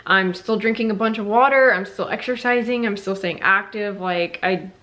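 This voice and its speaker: A woman's voice: medium pitch, normal speed, fairly bright tone. A young woman who is heavily pregnant, chatting casually in a rambling vlog update, full of fillers. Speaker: vlogger, stay-at-home mom.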